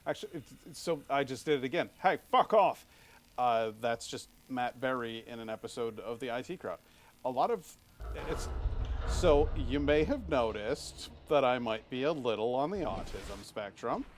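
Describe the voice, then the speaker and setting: A man's voice: medium pitch, animated, moderate pace, a little hiss or hum. A man in his thirties chatting casually while streaming a game, rambling with restarts and frequent swearing. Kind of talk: live game stream commentary.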